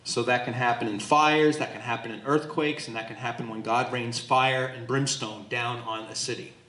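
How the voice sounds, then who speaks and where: Animated pastor teaching in an echoey room. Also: male voice, medium pitch, moderate pace, a little hiss or hum. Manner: animated, acts out voices, jokes with the group. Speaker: pastor leading Bible study. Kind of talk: Bible study teaching. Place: church hall with a small group.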